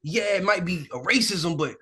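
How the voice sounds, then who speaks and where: A male actor as an interview guest, telling candid stories in a relaxed, animated way, often laughing and acting out the people he quotes. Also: high voice, normal speed, breathy edge. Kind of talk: candid conversational storytelling. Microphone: sit-down interview mic.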